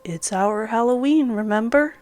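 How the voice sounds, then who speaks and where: A woman voicing a young man, a calm and menacing psychopath, speaking in a mocking tone in a horror story. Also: fairly high pitch, normal speed, lightly acted. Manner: mocking, then trembling.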